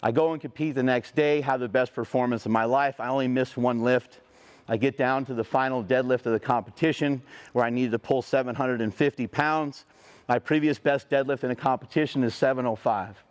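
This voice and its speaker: A middle-aged man giving a motivational speech, telling a personal story in a profane, animated way. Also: mid-range voice. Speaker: motivational speaker.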